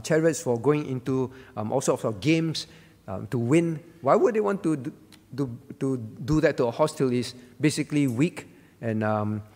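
A man's voice: mid-range voice, creaky, darkish tone, husky, long reverb tail. A male pastor preaching a sermon at a prayer meeting, earnest, teaching with rhetorical questions and fillers. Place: church.

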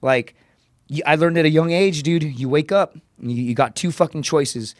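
A man, a comedian and former Marine, telling a rough story on a podcast in blunt, profane language. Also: a little high, no room sound, studio quality. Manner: profane, rapid, animated storytelling.

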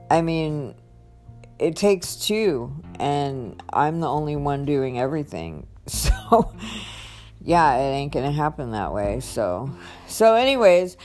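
A young woman with a low voice talks slowly in a personal vlog. She rambles, halts and restarts her sentences. Soft guitar music plays faintly behind her. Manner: rambling, halting, self-interrupting.

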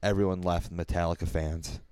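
A man with a somewhat low voice telling a story on a podcast, relaxed and a bit profane. His tone is smooth and clear. The sound is dry and close. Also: brisk, no echo. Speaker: podcast co-host. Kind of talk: casual chat.

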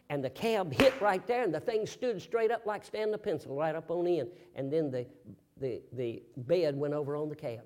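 A man preaching a fiery sermon in a church, telling a story dramatically and swinging from hushed tones to shouting. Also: on the high side. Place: church sanctuary.

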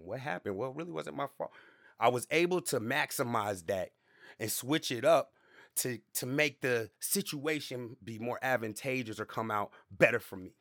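Brief: male podcast host, easygoing slangy storyteller, mid-pitched voice, dry close sound. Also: moderate pace, a bit bright, dry recording. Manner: laid-back, slangy, repeats fillers and asides to the listener. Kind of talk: casual storytelling monologue.

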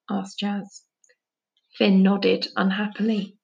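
A woman's voice: medium pitch, takes it slowly, vocal fry. Woman reading a children's book aloud. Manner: steady narration, lighter on dialogue tags. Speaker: reader.

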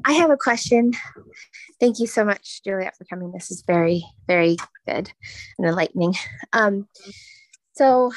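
Woman asking a question, halting with fillers, dry close sound. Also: mid-range voice, no echo, poor audio. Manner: hesitant, many fillers and "like". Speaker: audience member asking a question.

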